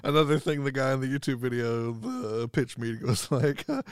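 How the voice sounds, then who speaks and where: A man's voice: medium pitch, expressive, moderate pace, clean tone, no room sound, studio quality. A man co-hosting a podcast who chats casually about films, acting out quotes in silly voices and laughing often. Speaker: podcast co-host. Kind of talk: casual movie chat.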